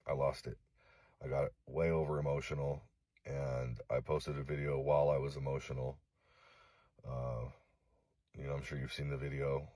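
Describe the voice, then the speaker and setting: A middle-aged man from Los Angeles making a direct-to-camera apology video, halting and remorseful, swearing often. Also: a bass voice, level tone, mellow, dry recording. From Los Angeles, USA. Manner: halting, remorseful, heavy swearing, frequent fillers. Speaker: vlogger.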